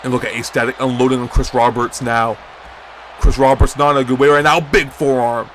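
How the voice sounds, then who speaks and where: Fairly quick and energetic, a young man provides play-by-play for a video game wrestling league over slight background noise. He breaks into high shouts at big moves and chats to viewers in between.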